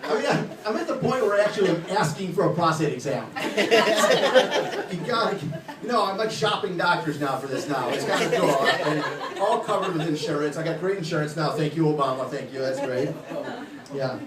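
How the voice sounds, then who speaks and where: Over a loud crowd, a late-thirties man on a comedy club stage delivers crude, blunt jokes about himself at a moderate pace. His voice is expressive and fairly high. The sound is echoey and distant, with loud background noise.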